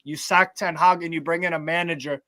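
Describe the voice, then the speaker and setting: Male panelist, bright slightly high voice, opinionated tactics talk. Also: steady tone, a little fast, no room sound. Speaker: podcast panelist. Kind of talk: casual fan podcast debate.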